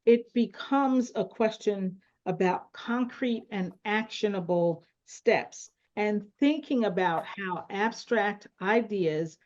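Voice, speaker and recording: A woman moderating a panel discussion on a call, speaking deliberately and often adding a rhetorical "right?". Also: mid-range voice, darkish tone, highs cut off.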